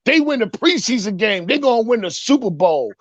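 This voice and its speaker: Man, very high voice, mocking sports rant, dry dull sound. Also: sing-song, fairly quick, no room sound. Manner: mocking, punchy, repeats a catchphrase. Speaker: sports talk segment host.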